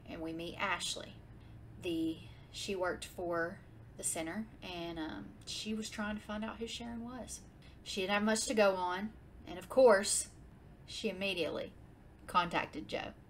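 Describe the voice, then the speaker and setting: A woman's voice: mid-range voice, slight background noise. A woman hosting a casual true-crime podcast, recapping a case in a chatty way and breaking into exasperated rants. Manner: chatty, swings into exasperated ranting. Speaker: podcast host.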